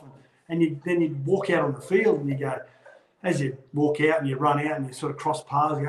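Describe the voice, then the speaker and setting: A middle-aged Australian man who used to play rugby league spins yarns in a casual chat, animatedly acting out the voices of the people he quotes. His voice sits on the high side and moves fairly quickly. The audio is poor, recorded in an echoey room.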